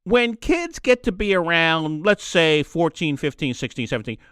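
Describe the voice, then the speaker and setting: Bright, animated male podcast host. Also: normal speed, clean tone, no echo, studio quality. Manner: sarcastic, mocks others in shrill put-on voices. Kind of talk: opinionated monologue.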